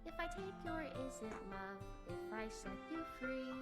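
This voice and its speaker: A woman singing a soft love ballad as a gentle young game heroine. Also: high voice, expressive, normal speed, loud music behind the voice. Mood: tender.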